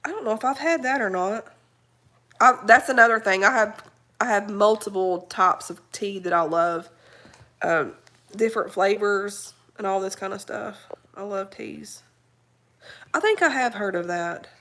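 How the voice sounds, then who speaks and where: A woman's voice: mid-range voice, a little slow, fairly bright tone. A woman, sick with covid, chatting casually from home and breaking off to talk to her dog. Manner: chatty, rambling, talks to her dog between thoughts. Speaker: vlogger. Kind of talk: casual morning live chat.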